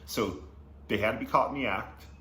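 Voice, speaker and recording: A man reading Bible passages and explaining them in a casual, slangy way, breaking into excited asides as he teaches. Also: mid-range voice, fairly quick. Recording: echoey room with faint background noise.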